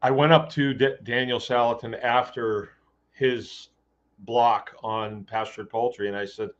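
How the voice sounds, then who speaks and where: A man's voice: mid-range voice, fairly even intonation, a little slow. A man hosting a podcast, telling a story in a loose, rambling way with fillers and restarts. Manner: rambling, with many fillers and restarts, acting out quoted dialogue. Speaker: podcast host. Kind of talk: casual storytelling monologue. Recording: dull lo-fi sound.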